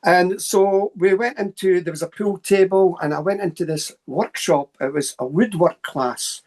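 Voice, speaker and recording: A Scottish man, a paranormal researcher appearing as a guest, talks quickly in a high-sitting voice. In a casual storytelling interview, he rattles off animated anecdotes sprinkled with asides.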